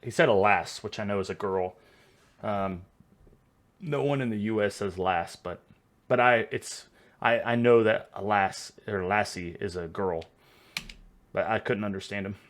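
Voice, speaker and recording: A man's voice: lowish voice, measured pace, pauses often. A Texan man hosting a reaction video, rambling and chatty, a little tipsy. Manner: rambling, chatty, laughs easily. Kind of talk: casual reaction commentary.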